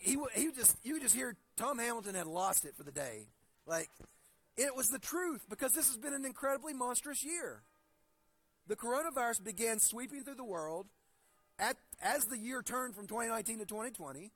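A male pastor preaching a sermon. He reads scripture slowly and deliberately, then tells stories in a conversational way, often restarting his sentences. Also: high voice, creaky, a bit bright. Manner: conversational storytelling with frequent restarts.

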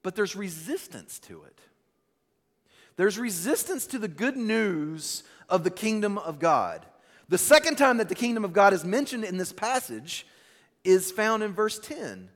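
A man's voice: sits high, big pitch swings, unhurried, fairly bright tone. A male pastor giving a sermon in a church, talking casually and conversationally, often restarting his words. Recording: long reverb in a church hall.

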